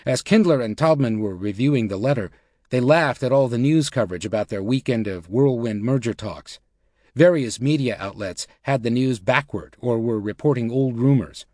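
A man narrating a nonfiction audiobook in an even, measured reading style. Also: medium pitch, no room sound, studio quality. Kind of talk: scripted narration.

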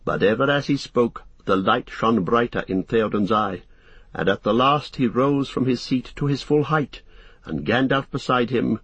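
A man narrating a fantasy novel as an audiobook, in steady, measured storytelling. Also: mid-range voice, slightly rough, dry recording.

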